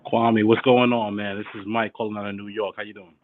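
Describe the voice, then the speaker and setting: A man's voice: fairly low pitch, little pitch movement, fairly quick, dry recording. A man calling in to a live show, talking in a laid-back, rambling way with many fillers. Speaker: caller. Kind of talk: casual call-in chat. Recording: tinny phone line.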